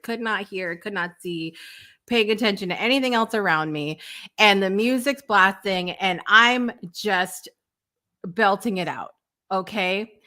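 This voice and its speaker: A woman's voice: mid-range voice, sharp tone. A woman hosting a morning talk show, chatting casually with lots of fillers and frequent laughter. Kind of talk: casual chat.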